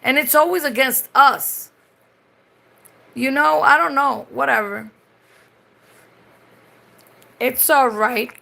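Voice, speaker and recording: A Puerto Rican woman chats casually on a live stream, swearing freely and switching between English and Spanish mid-sentence. Her voice is high-pitched and sharp in tone, slow and full of vocal fry, with frequent pauses.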